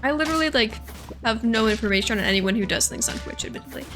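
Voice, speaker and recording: A young woman with a fairly high, bright voice gives loose, chatty commentary as she plays. She thinks aloud, muses in quick asides and talks to herself about her next moves. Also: lively intonation, soft background music. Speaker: gaming streamer. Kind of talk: casual gameplay commentary.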